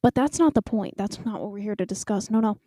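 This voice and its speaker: A woman's voice: mid-range voice, fast, dark tone, no room sound. A woman in her twenties, a podcast co-host, tells a rambling story in a chatty, self-mocking way. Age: 20s.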